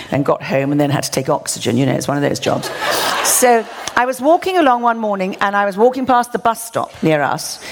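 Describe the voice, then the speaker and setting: A woman's voice: mid-range voice, a little hiss or hum. A woman preacher telling a funny, self-mocking story in a sermon, often laughing as she talks. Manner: lively, self-mocking, laughs through her stories.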